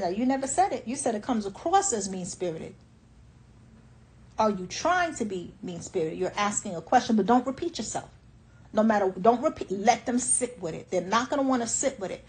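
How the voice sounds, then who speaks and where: A woman's voice: a little high, lively intonation, moderate pace, a little mellow, low-quality recording. A woman life coach giving motivational advice in a firm, emphatic way, often repeating her instructions.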